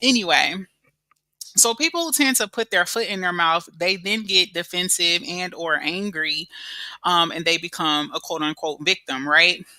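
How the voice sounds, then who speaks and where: A bright, forceful woman talks to viewers on her live stream. She sounds middle-aged, and her voice is close and dry. She is chatty, calls people "baby" and says "y'all" a lot. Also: lowish voice, a little slow, no echo. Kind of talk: casual live-stream chat.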